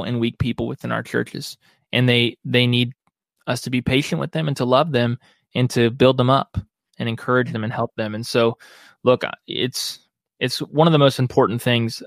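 A man speaks as a guest on a podcast about biblical counseling. He comes across as earnest and reflective, talking in a warm conversational way. His voice sits in an ordinary middle range, and the recording is dry and close. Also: medium pitch, vocal fry, no room sound. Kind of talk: podcast interview.

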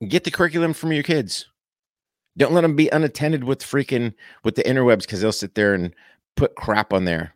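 A man delivering an impassioned, preachy monologue straight to his viewers, punching key words with sudden pitch jumps and dropping into casual slang. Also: fairly quick, dry recording, clean studio sound. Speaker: political commentator addressing viewers. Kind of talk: impassioned direct-to-camera monologue.

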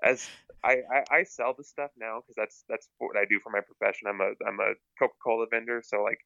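Podcast guest: low, gravelly man, hesitant casual talk, bright edge, dull lo-fi sound. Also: fairly even intonation, a little fast, no room sound. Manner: hesitant, repeats words, many fillers. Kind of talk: casual chat.

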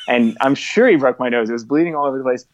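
A man's voice: medium pitch, fast talker, dull audio, slight background noise. A young adult man, a podcast guest, telling a rambling, profane story full of fillers and laughter. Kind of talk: casual storytelling.

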